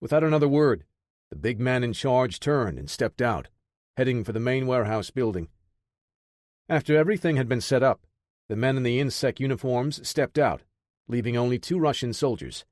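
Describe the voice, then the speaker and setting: A man narrating an action audiobook in a steady, measured voice. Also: mid-range voice, no room sound, clean studio sound.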